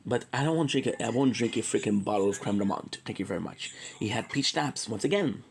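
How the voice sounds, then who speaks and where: A man's voice: fairly low pitch, quick pace, creaky, slight background noise, poor audio. A man from Quebec, Canada, rambling through a joking, tangent-filled casual monologue and swearing freely. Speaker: streamer.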